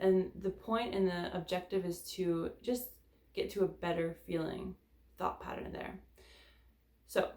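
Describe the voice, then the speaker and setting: A woman's voice: on the low side, darkish tone. A woman leading a guided tapping session in a casual, candid way, swearing freely and sighing between statements. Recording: echoey room.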